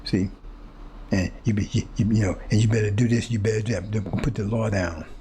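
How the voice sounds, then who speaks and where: A man with a mellow, low voice and fairly even intonation speaks fairly quickly against slight background noise. He's a preacher giving his audience an impassioned, confrontational monologue, repeating phrases and stammering through restarts while searching for words.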